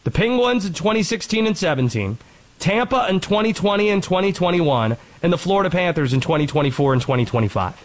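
Sports host, brisk talker, rattles stats with a high, lively voice. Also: male voice, poor audio. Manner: animated, quick rattling off of stats. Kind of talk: sports commentary monologue.

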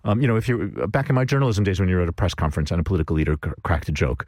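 Deep fast-talking man panelist. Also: animated, darkish tone, no room sound, studio quality. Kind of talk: radio panel chat.

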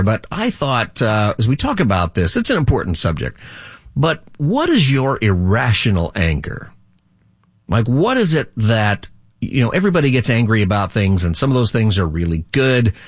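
A man's voice: on the low side, no echo, clean studio sound. A middle-aged man hosting a call-in radio talk show as a pastor, rambling and chatty, laughing easily.

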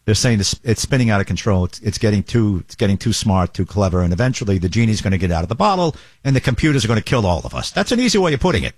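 A man's voice: lowish voice, very animated, very fast, hardly any pauses. A man hosting a show, giving joking political commentary and mocking impressions. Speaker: radio show host.

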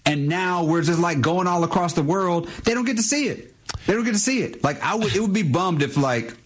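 A man's voice: sits high, expressive, fairly quick, a little hiss or hum. A man co-hosting a radio talk show, rambling restlessly and restarting his sentences. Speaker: radio co-host. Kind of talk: casual radio chat.

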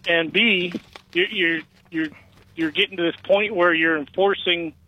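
A man's voice: high voice, fairly even intonation, unhurried, dull audio. A man in his fifties calling a radio show, telling a rambling story and stumbling over his words. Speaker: caller. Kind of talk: phone-in call.

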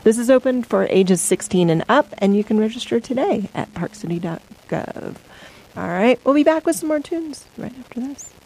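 Woman, radio host, mellow tone, casual community calendar read, studio mic. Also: a little high, animated, normal speed, rough recording. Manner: casual, with fillers and stumbles. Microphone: studio microphone.

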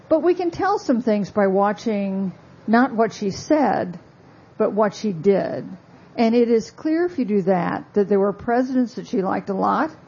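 A woman author giving a talk about her book, telling stories in a measured, wry way with asides. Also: mid-range voice, mellow, breathy edge, lo-fi sound. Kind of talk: lecture-style talk.

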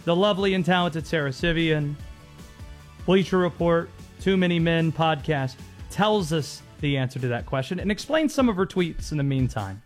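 A man in his thirties hosts a casual sports talk radio show. His voice sits slightly high for a man, and he chats with amused, rambling asides over a faint music bed. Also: lively intonation, moderate pace.

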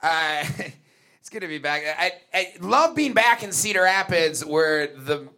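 Deadpan sarcastic male stand-up comic. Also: on the high side, a little slow. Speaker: stand-up comedian. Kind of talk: stand-up set.

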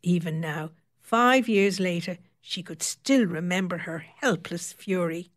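A woman narrating a story in a steady, wry storytelling manner. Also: fairly low pitch, a little slow, hardly any pauses. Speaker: audiobook narrator. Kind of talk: scripted narration.

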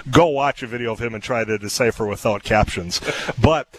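A man's voice: lowish voice, fairly quick, low-quality recording. Chatty male talk radio host. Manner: chatty storyteller, frequent uh fillers and laughs. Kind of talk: casual talk radio chat. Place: radio studio.

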